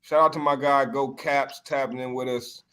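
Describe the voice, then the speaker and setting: A man hosting a casual sports podcast, laughing and telling animated stories. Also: medium pitch, moderate pace, clear, resonant tone. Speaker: podcast host.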